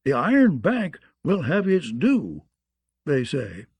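Narrator playing a frail, quavering old scholar, nervous and a little higher. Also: male voice, huge pitch swings, slow pace, darkish tone, husky, no room sound, exaggerated voice. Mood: fretful. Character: old frail male maester, fretful.

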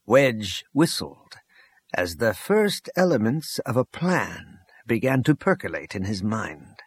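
A man's voice: medium pitch, lively intonation, measured pace, breathy edge, dry recording. A man narrating an action novel as an audiobook reader, reading expressively and voicing the characters' dialogue. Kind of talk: scripted narration.

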